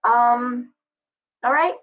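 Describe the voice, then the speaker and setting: A woman hosting a live tarot reading, chatty and meandering with many asides, her voice going hoarse. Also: fairly high pitch, extremely slow, phone-quality sound. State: losing her voice.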